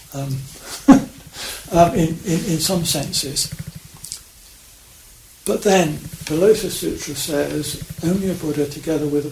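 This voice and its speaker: A man giving an unscripted Dharma talk as a Zen priest, reflective and halting, with many restarts and fillers. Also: fairly high pitch, creaky, a little mellow. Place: meditation hall of a priory. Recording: echoey room with faint hiss.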